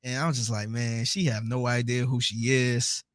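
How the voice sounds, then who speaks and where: Animated man with a dry close voice. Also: medium pitch, moderate pace, no echo. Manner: animated storytelling, laughs between points, repeats himself. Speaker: podcast co-host. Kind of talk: casual podcast chat.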